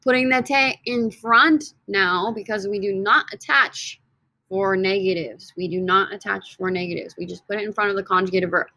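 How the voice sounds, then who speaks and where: A woman teaches a casual grammar lesson in a bright, forceful voice. She is energetic and playful and draws out words she repeats. The sound is dry and close. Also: mid-range voice, dry recording. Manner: energetic and playful, drawn-out repetitions. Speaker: Spanish teacher.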